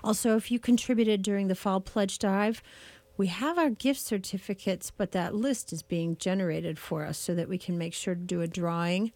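A woman co-hosts a community radio show, chatting effusively and gushing about what she loves. Her voice sits mid-range and sounds close and dry on a studio microphone, with no room echo. She talks casually and warmly with her co-host. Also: mid-range voice, moderate pace.

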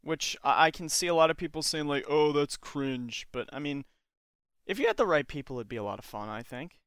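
Smooth-voiced joking young man host. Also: a little high, animated, fast, fairly bright tone, no echo, clean studio sound. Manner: joking, ironic, laughs often. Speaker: podcast host. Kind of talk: casual podcast chat.

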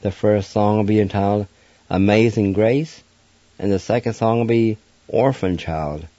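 Male radio host and teacher, low mellow voice, slow and careful, dry and slightly dull sound. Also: no echo. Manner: slow, deliberate, spells out letters. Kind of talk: language lesson.

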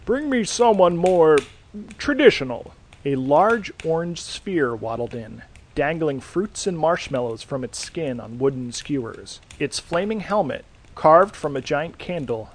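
A man narrating a scripted horror story in a dry, deadpan reading. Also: medium pitch, unhurried. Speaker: podcast host and reader.

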